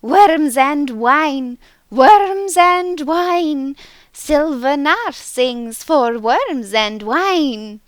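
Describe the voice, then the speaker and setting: A woman voicing tiny winged creatures that chatter nonsense in a shrill, drawn-out sing-song. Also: fairly bright tone, no echo, studio quality, exaggerated voice.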